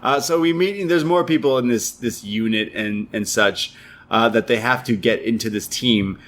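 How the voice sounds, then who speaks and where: A man's voice: medium pitch, moderate pace, fairly bright tone. A man co-hosting a casual film review chat, retelling the plot in a rambling way with many fillers. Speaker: podcast co-host, film reviewer.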